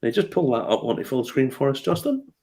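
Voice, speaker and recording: A man's voice: medium pitch, wildly swooping pitch, fast talker, warm tone. A man hosting a casual whiskey news chat, telling stories with lots of fillers and restarts. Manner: chatty storyteller, laughs often, frequent fillers and restarts. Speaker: host of a whiskey news show.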